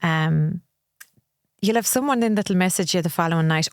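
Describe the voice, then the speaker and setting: A middle-aged Irish woman talks through her experiences in a candid, reflective way. Her voice sits a little low for a woman, and the recording is close and dry. She now and then acts out what other people say to her. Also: normal speed, no room sound. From Ireland. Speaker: podcast guest. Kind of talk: conversational interview.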